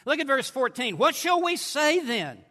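High, bright-voiced man preaching in a hall. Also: big pitch swings, moderate pace. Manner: emphatic preaching, swinging between forceful and hushed. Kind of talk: sermon. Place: large conference hall. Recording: long hall reverb.

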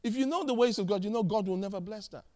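Man, high voice, preaching, emphatic, storytelling, repeats key phrases. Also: fast. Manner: animated storytelling, acting out dialogue. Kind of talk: sermon.

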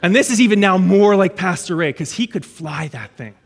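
High-voiced preacher in a reverberant auditorium. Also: male voice, fairly quick. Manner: lively storytelling with frequent restarts. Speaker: pastor. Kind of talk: sermon. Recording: echoey auditorium with long reverb.

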